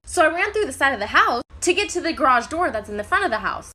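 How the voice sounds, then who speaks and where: A woman's voice: high-pitched, sing-song, fast talker, pushed and bright. A young woman telling a brash, profane, jokey storytime in a casual monologue.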